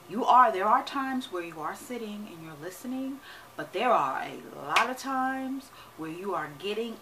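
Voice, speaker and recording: A woman who works as a money and wealth coach talks casually to her viewers, energetic and emphatic, often checking in with "right?". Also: medium pitch, slight background noise, low-quality recording. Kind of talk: casual vlog talk to camera.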